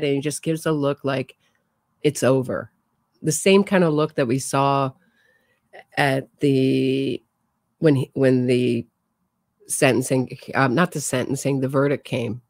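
A woman's voice: rumbling low, fairly even intonation, measured pace, a little mellow, no echo. Chatty woman host, dry close sound. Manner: chatty, thinking aloud, talks to viewers. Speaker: true crime host. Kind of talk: casual livestream commentary.

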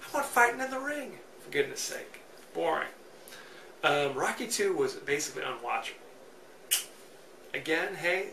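A man hosts a solo podcast of chatty, joking, opinionated movie commentary in a bright, forceful, slightly high voice. The recording is roomy, with a distant mic and faint noise.

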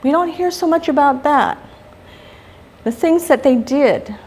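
A middle-aged woman from Guam is giving a public talk. Her voice sits high, and she tells her stories with animation, turning often to the audience with questions. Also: measured pace, a little mellow. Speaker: guest speaker.

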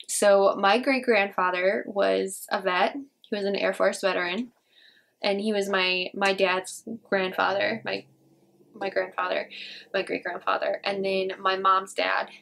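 A woman's voice: mid-range voice, level tone, unhurried, gravelly, fairly bright tone. A young woman from northern Indiana with a slight Indiana twang, chatting casually to her viewers in a rambling way. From northern Indiana, US Midwest. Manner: chatty, rambling, many "like" fillers. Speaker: beauty vlogger. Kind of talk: casual chat to camera.

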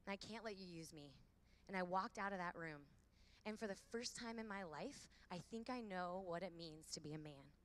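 A woman in her thirties giving a lively faith talk to a large hall of women, with call-and-response. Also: fairly low pitch, moderate pace. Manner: lively, preachy, calls for audience repeats. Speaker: conference speaker.

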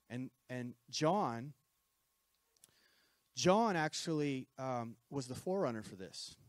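A man's voice: medium pitch, no room sound. A man preaching a sermon to a congregation in a conversational style, often checking in with "right?" and repeating himself. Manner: conversational preaching with frequent "right?" asides and repetitions.

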